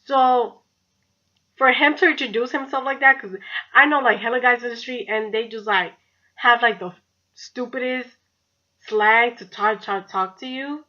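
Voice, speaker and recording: A woman's voice: a little high, a little slow, sharp tone, highs cut off. A young woman, telling a story in a chatty, profane way, leaning on "like.". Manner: chatty, profane, heavy use of "like". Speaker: vlogger. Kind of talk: casual storytime.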